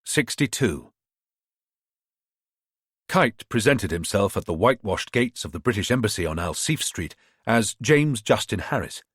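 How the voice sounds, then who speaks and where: A man narrating a thriller audiobook in a measured, expressive reading. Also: lowish voice, breathy edge, no echo, studio quality.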